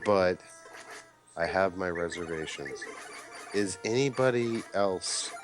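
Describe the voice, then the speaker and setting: A young man streaming a game, chatting casually and quoting people in a lively raised voice. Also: deep voice, slow pace, music in the background. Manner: animated storyteller, quotes others in raised voice. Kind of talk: casual chat while gaming live.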